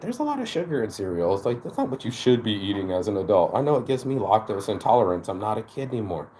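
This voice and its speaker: A man's voice: lowish voice, big pitch swings, fast talker, hardly any pauses, dark tone, slight background noise. A man hosting his own channel, delivering a casual motivational monologue in a blunt, profane way, full of stammered restarts. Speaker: channel host.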